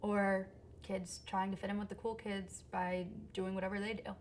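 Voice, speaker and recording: A woman singer-songwriter chatting as an interview guest, lively and quick to laugh, recorded in a theater. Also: mid-range voice, a little hiss or hum. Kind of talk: casual interview chat. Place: theater stage.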